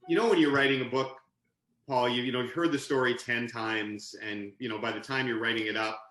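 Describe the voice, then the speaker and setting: Bright-voiced man telling lively stories in an echoey room. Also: lowish voice. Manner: animated anecdote-telling, laughs mid-story. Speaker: podcast guest, author and sportscaster. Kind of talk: casual storytelling interview.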